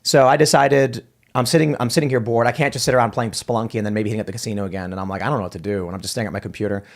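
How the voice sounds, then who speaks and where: A man's voice: on the low side, steady tone, racing. A man hosting a livestream, telling stories in casual chat, rambling with many restarts and fillers. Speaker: livestream host.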